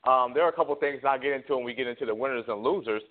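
A man's voice: medium pitch, very fast. Breathless man on a tinny line. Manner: rambling, laughing, repeats words. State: a little out of breath. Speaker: co-host. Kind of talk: casual sports talk.

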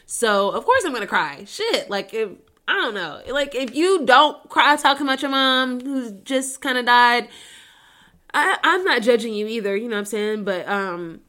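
A woman podcast host in casual chat, talking in a candid, emotional way and swearing freely. Her voice sits fairly high, with a bright, sharp edge to it. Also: animated, normal speed.

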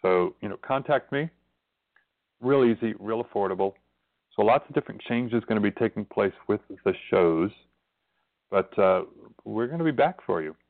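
A man's voice: lowish voice, lively intonation, normal speed, gravelly, no echo. A man hosting his own spiritual radio show, talking casually and earnestly in a rambling, storytelling way. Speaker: radio host and spiritual reverend. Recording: tinny phone-line call-in audio.

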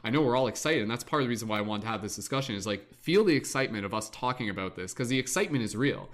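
A man's voice: medium pitch, lively intonation, rapid-fire. A man hosting a livestreamed talk show, speaking eagerly and at length, with lots of fillers. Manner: rambling, eager, many fillers. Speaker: podcast host. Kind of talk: excited casual talk.

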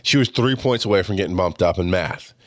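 A man in his thirties telling personal stories as a podcast host, expressive and casual, swearing freely and acting out what people said. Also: deep voice, a little fast, dry recording, clean studio sound. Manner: expressive, swears casually, acts out quoted dialogue. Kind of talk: personal storytelling monologue.

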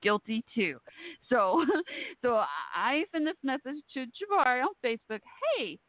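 Brief: woman host, playful teasing storyteller, lively pitch, phone-thin dry sound. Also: normal speed, no echo, narrow, tinny audio. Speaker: radio show host. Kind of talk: casual chat.

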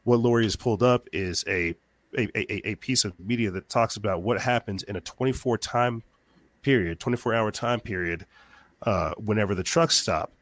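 A man speaking as a guest on a talk show, talking quickly, repeating words as he gets fired up. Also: lowish voice, a bit bright, no echo. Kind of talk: podcast interview.

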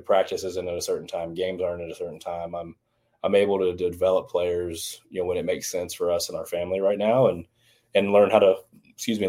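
A man's voice: sits low, darkish tone. A man in his thirties, a baseball trainer and former strength coach, talking earnestly and reflectively in a casual interview.

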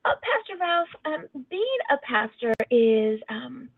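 A woman hosting an interview show, reading breaks and promos in a steady, measured way. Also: sits high, vocal fry, breathy edge, no room sound. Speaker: talk show host. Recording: tinny phone line, dry.

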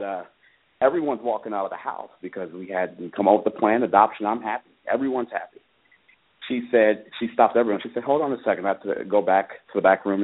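A man with a fairly low voice calls in over a thin, tinny phone line. He speaks earnestly and haltingly, with plenty of ums and uhs, as he recounts what happened to him. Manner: earnest, halting, many fillers. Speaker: father calling in about his case. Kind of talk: personal account on a call-in radio show.

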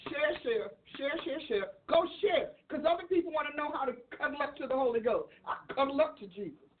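A woman preaches with excitable energy, often laughing and acting out the voices in her stories. Her voice sits high. The sound is thin and phone-like. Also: brisk, a little hiss or hum. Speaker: preacher and author. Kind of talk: sermon. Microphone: livestream.

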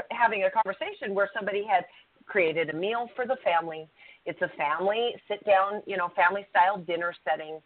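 A woman co-hosting a talk show, chatting casually and laughing, swearing now and then as she makes her points. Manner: lively and laughing, swears casually, big pitch swings. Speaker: podcast co-host. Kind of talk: casual conversational coaching talk. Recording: tinny phone-like line.

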